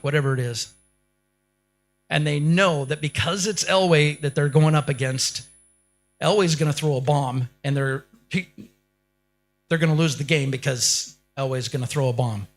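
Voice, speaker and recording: Guy w a kinda high voice doing a pump-up keynote speech, lots of questions to the crowd, punchy. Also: moderate pace, pauses often, faint music behind. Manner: rhetorical questions to the audience; emphatic, builds to punchy lines. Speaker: keynote speaker. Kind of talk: motivational speech.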